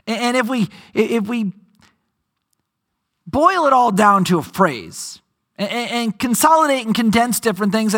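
Pastor, male, high bright tone, chatty sermon delivery with sudden loud emphasis. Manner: conversational, with dramatic slowdowns and bursts of emphasis.

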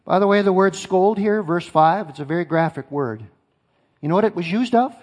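A man's voice: high voice, expressive, normal speed, a little mellow. A male pastor preaching a sermon, emphatic, repeating key phrases and asking his congregation questions. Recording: long hall reverb.

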